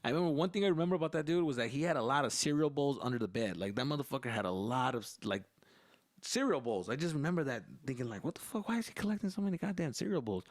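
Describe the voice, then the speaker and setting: A young man hosting a podcast, telling a comedic story in a profane, animated, loose way. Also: medium pitch, no echo, studio quality. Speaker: podcast host.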